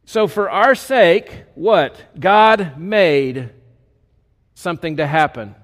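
A man, a pastor, preaching a sermon in an animated, conversational way with folksy asides. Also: high-pitched, takes it slowly, long reverb tail.

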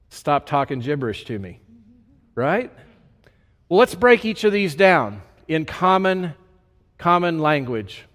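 A pastor preaches with energy, mixing scripture reading with casual, joking asides. His man's voice sits fairly high. The sound carries the long reverb of a large church hall. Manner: animated, conversational preaching with folksy asides. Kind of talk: sermon.

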